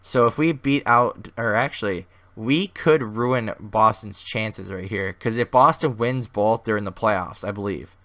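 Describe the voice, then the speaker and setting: A man with a hoarse, fading voice giving casual, rambling commentary over a video game as host of his gaming channel. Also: lowish voice, unhurried, few pauses, fairly bright tone. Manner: rambling, thinks aloud with many restarts.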